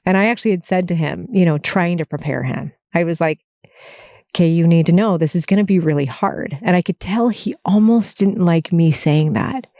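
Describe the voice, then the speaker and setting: A woman's voice: on the low side, moderate pace, mellow, no room sound. Candid mom talking from her car. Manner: candid, chatty, frequent laughs and self-corrections. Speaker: podcast host. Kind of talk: emotional personal monologue. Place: parked car.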